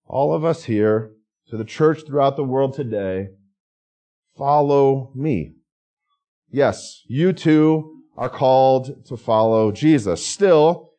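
A man's voice: a little high, a little mellow. A middle-aged man, a pastor, preaching a sermon in a conversational way and asking his listeners questions.

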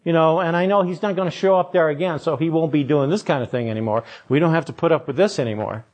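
A man's voice: a little high, fast, darkish tone, close to an everyday voice. A man doing a grumbling, dismissive churchgoer.

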